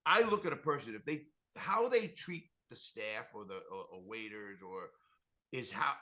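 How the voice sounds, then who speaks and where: Bright-voiced blunt man, podcast host. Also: mid-range voice, animated, moderate pace. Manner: blunt, swearing, fired-up storyteller. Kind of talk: casual chat.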